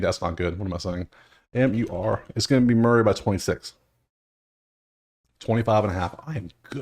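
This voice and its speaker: Casual male betting host, lowish voice, half-muttered running commentary with dry exasperation. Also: creaky, a little mellow. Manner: muttering to himself, chatty, wry and exasperated asides. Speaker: sports betting video host. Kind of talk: casual solo commentary over stats.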